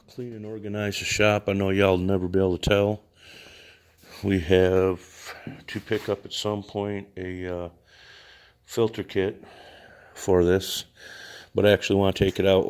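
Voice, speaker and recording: A man rambling casually in his workshop garage about his engine, laid-back and folksy, with some mild cursing. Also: sits low. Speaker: garage mechanic vlogger. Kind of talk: casual rambling shop talk.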